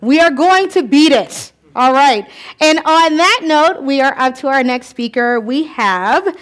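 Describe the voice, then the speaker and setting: A woman emceeing a live event, peppy and quick as she hands over to the next speaker. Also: high-pitched, expressive.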